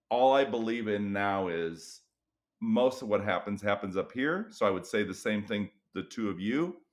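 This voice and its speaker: Middle-aged guy, low voice, tells school stories and jumps way up when he acts out worn-out teachers. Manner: animated storytelling, acts out weary teachers with big pitch jumps. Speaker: guest educator and author. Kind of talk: podcast interview.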